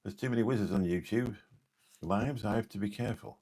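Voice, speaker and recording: A deep, husky man hosts a late-night live stream, rambling along and joking with viewers one by one. His voice sits low and slightly rough throughout. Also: fairly quick, dark tone. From Lincolnshire, England. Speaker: live streamer reading chat.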